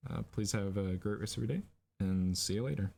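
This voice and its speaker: Low, gravelly man narrating a storyboard. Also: a little fast. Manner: lively, rambling scene narration with fillers. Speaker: storyboard artist streaming a lesson. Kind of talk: improvised livestream narration.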